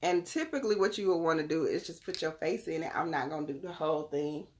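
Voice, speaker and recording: A woman's voice: deep voice, quick pace, darkish tone. A young woman hosting a casual live stream from home on her phone, chatting with viewers by name as she demonstrates her products. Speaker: live-stream host selling crystals and readings.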